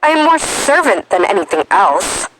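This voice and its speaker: A woman's voice: mid-range voice, very animated, normal speed, background noise, close to an everyday voice. A woman reading a storybook, voicing a frustrated young girl in mourning who talks intensely and with emphasis.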